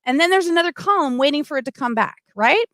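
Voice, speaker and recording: A middle-aged woman hosting a casual livestream, chatty and animated, full of asides and restarts. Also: high-pitched, quick pace, dry recording. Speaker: livestream host. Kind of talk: casual livestream talk, reading comments.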